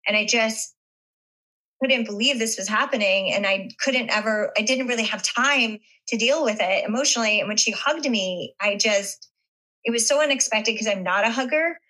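A woman being interviewed, telling a personal story in a halting way with many fillers and restarts. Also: on the high side, bright, forceful tone, poor audio. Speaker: interview guest. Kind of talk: casual interview chat.

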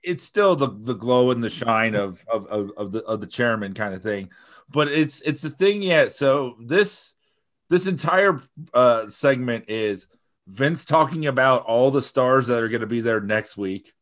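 A man's voice: medium pitch, animated, unhurried, fairly bright tone. A man co-hosting a podcast, talking in long rambling runs with casual swearing and frequent laughter. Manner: rambling, profane, laughs often. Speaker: podcast co-host.

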